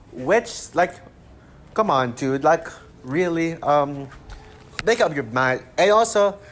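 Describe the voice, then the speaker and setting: A man with a somewhat high-pitched voice delivers an unscripted rant. He sounds exasperated and rambles, stumbling through fillers and false starts. Faint noise sits behind him. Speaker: channel host ranting about a critic.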